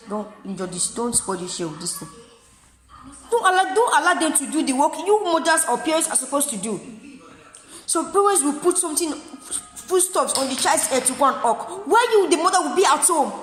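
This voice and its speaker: A woman's voice: high-pitched, fairly bright tone, reverberant, in a large hall. A woman vlogger making an impassioned, pleading appeal to mothers, repeating herself often. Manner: pleading, repeats herself, breaks off to tend her child. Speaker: vlogger giving advice to mothers. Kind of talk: impassioned direct-to-camera plea.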